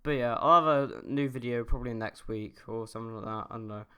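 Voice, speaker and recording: A man's voice: medium pitch, quick pace, sharp tone, clean tone. Rambling, profane young man. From United Kingdom. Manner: rambling, profane, full of fillers and restarts. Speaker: YouTuber. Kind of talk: casual opinion rant.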